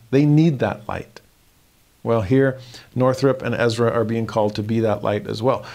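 Man teaching a scripture lesson. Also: medium pitch. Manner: reads scripture aloud, then explains with lively emphasis.

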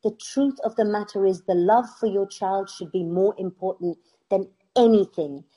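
A middle-aged British woman, an actress, telling stories in a casual interview with lively laughter. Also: mid-range voice, moderate pace. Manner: animated storytelling with laughs. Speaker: actress guest.

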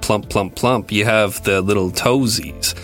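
A man co-hosting a podcast in casual comedic chat, with deadpan jokes and rambling questions. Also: lowish voice, measured pace, faint music behind. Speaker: podcast co-host.

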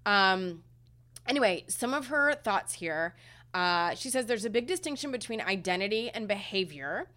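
A woman in her thirties co-hosting a parenting podcast, talking in a halting, emotional way with many fillers, close to tears. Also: medium pitch, lively intonation, sharp tone. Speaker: podcast co-host. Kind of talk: casual podcast chat.

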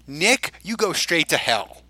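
Bright, animated man rambling casually. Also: a little high, a little slow, no echo, poor audio. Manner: rambling, filler-heavy, restarts often. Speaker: podcast host. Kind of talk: casual chat.

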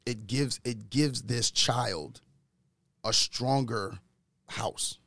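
Earnest man with a gravelly voice. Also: extremely slow, no echo. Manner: earnest, speaks from personal experience; grows louder and higher when retelling arguments. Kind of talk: casual discussion.

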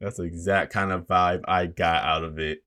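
A man's voice: low-pitched, fairly even intonation, moderate pace, sharp tone. A man co-hosting a casual podcast, chatting about an anime episode with laid-back slang and frequent laughs. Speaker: podcast co-host. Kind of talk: casual anime recap chat.

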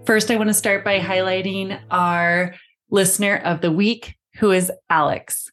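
A woman's voice: mid-range voice, fairly even intonation, measured pace, faint music behind. Woman podcast host addressing friend. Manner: warm direct address, calls listener friend. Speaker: podcast host and parenting coach. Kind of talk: scripted podcast talk.

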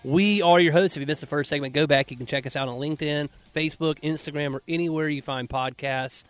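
A man co-hosting a radio talk show, upbeat and quick to agree, fond of puns. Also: a little high, fairly even intonation, clear, resonant tone, dry recording. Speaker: co-host. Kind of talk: casual radio chat. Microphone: studio mic. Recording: dry studio sound.

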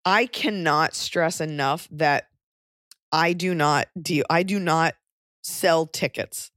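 Wry deadpan woman podcast host. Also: low-pitched, takes it slowly, no room sound, clean studio sound. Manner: wry, deadpan jokey rants. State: pregnant. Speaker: podcast host and touring comedian. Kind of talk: casual podcast chat.

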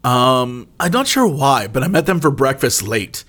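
A man in casual chat, telling a funny family story and jumping up high when quoting himself. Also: big pitch swings, moderate pace, a bit bright.

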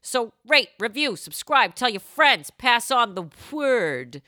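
Bright, lively woman podcast host. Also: a little high, slow, no echo, studio quality. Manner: playful, laughs often, slips into silly voices. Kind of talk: comedy podcast banter.

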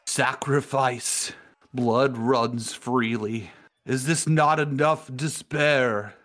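A man's voice: medium pitch, fairly even intonation, a bit bright. A man doing a dying, despairing sorcerer. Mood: anguished. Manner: slow, anguished. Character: wounded male sorcerer, despairing.

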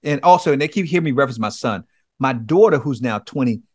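A men's coach appears as a podcast guest, earnestly recounting a personal story in a conversational testimony and acting out his own pleas. His mid-range voice is animated, quick and darkish in tone, recorded at studio quality with no room sound.

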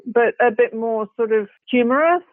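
Her voice fairly high and her pace moderate, a British actress appears as a guest for a casual interview chat. She meanders, often saying "you know," restarting sentences and laughing, over dry, tinny call-style audio without echo.

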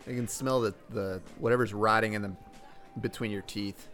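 A man doing an improvised comedy scene, giving dry, deadpan put-downs. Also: fairly low pitch, normal speed, soft background music.

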